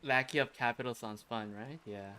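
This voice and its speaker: A man's voice: mid-range voice, moderate pace, sharp tone, clean tone. A man streaming a video game, chatting casually and sarcastically, swearing and laughing often.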